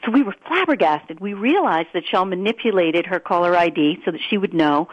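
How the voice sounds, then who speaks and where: A woman, a guest author on a radio interview, telling personal stories in an animated, earnest way. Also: fairly low pitch, fairly quick, lo-fi sound.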